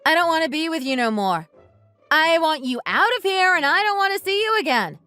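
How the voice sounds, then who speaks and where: A woman plays a bitter wife in a texting-story drama. Her voice sits high and moves a lot as she lays out her grievances bluntly. Faint music runs underneath. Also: animated, fast, fairly bright tone. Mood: accusing. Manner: accusing, resentful, blunt. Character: bitter wife divorcing her uncaring husband. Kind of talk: text-message story dramatization.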